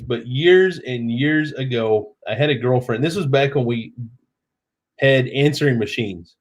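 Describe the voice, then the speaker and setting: Man in his thirties, tipsy, chatty and rambling, casual live stream host, medium pitch. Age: 30s.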